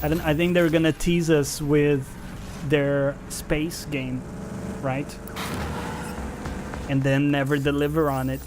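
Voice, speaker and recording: A man's voice: fairly high pitch, flat delivery, slow pace, pauses often, background noise. A male game streamer giving casual, sarcastic, profane live commentary while playing and chatting with viewers.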